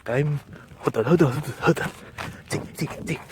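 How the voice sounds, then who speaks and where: A man's voice: fairly high pitch, moderate pace, darkish tone, slight background noise, natural voice. A young man playing an eccentric, boastful French man in a comedy skit, rambling and swearing in a put-on French accent as he walks outdoors on ice. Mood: boastful excited. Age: young adult. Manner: goofy, rambling, swearing, self-narrating. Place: outdoors on icy ground.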